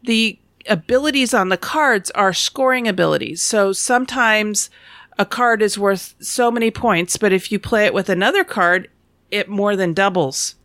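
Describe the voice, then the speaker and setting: A woman co-hosting a board game podcast, speaking with a gravelly edge in a casual, explanatory manner. Her voice sits close and dry on the mic with no room sound. She sounds self-deprecating and easygoing. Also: mid-range voice, normal speed, fairly bright tone, dry recording. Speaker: podcast co-host.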